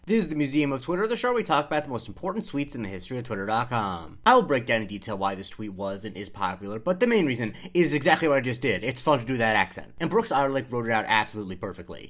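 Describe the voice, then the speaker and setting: A man hosting a scripted comedy commentary show, brisk, wry and upbeat. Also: medium pitch, animated, a bit bright. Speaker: host.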